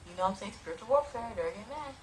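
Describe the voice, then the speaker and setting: A young woman casually telling her personal testimony into a phone, animated and prone to sudden loud outbursts, with uneven volume. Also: on the high side, rapid-fire, slight background noise, rough recording. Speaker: person giving a religious testimony.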